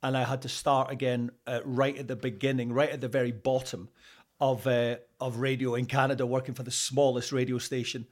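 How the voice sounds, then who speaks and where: A Scottish man talking in a relaxed interview. He rambles through his stories with plenty of fillers and restarts, and he laughs easily. His pitch sits in the middle range for a man. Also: brisk. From Scotland. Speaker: interview guest, radio presenter. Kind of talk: casual interview chat.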